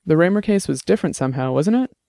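A man voicing a rapidly aging, gruff old former bruiser who talks bluntly and wryly. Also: a little high, expressive, dark tone, no room sound, clean studio sound. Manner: blunt, salty, wry.

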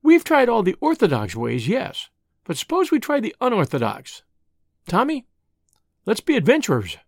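A spirited young woman full of schemes, as an audiobook reader puts her on, talking in a brisk, teasing way. Her voice swings lively up and down. The sound is dry and close. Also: medium pitch, creaky, no echo, heavily acted. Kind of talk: audiobook reading.

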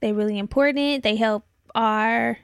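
Higher-voiced woman making a podcast appeal. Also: fairly even intonation, unhurried, clear, resonant tone, no echo, studio quality. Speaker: podcast co-host. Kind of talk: casual chat and show promotion.

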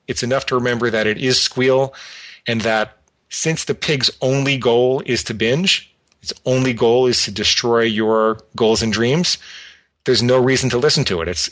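A man guest calmly explaining an exercise step by step, sometimes acting out a tempting inner voice. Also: mid-range voice. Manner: calm, explanatory, acts out an inner voice. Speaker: guest expert. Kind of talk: instructional talk.

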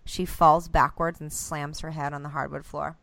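A woman in her thirties co-hosting a casual chat with friends, an animated storyteller who swears freely. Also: low-pitched, moderate pace, creaky, no echo. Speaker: podcast co-host.

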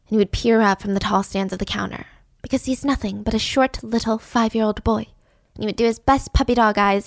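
Woman storyteller, animated, giggly, slightly high voice, dry close sound. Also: brisk, gravelly, hardly any pauses, no echo. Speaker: podcast storyteller. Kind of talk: casual storytelling.

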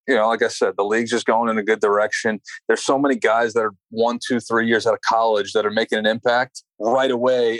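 Relaxed New basketball handicapper. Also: male voice, medium pitch, dry recording, rough recording. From New York. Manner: relaxed, halting, many fillers. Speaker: podcast guest, sports handicapper. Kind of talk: casual interview chat.

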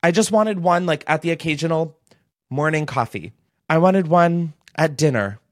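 A man's voice: on the high side, animated, moderate pace, no room sound, studio quality. Chatty young man hosting a gossipy storytime. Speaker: podcast host. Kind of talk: casual storytime chat.

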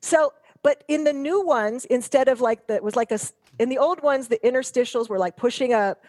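Woman, guest, casual chat, rambling storyteller, playful teasing, slightly high voice. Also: fairly quick, a little mellow.

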